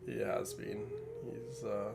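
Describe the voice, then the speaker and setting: Brief: a sick, nasal male streamer rambling to viewers, low and gravelly. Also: level tone, slow pace, background noise. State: sick, congested. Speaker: gaming streamer. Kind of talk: casual let's play commentary.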